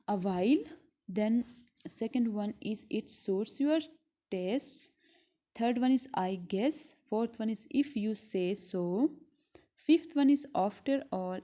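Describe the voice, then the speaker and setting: A woman teacher from Pakistan giving a school lesson, speaking slowly and repeating words syllable by syllable. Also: a little high, warm tone. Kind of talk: recorded classroom lesson. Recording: dull lo-fi recording.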